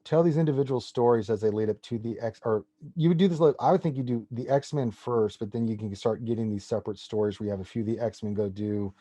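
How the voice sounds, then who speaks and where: A man's voice: lowish voice, fast talker, few pauses, dark tone, no echo. A man in his forties, a podcast guest, talking with eager, rambling enthusiasm in casual chat. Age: 40s. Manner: enthusiastic comic-book fan, rambling.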